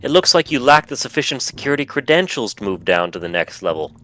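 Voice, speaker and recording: Guy doing a folksy cheery elevator robot voice, talks fast and chummy. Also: mid-range voice, very animated, bright, forceful tone, pitched above the performer's own voice. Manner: chummy, folksy salesman patter.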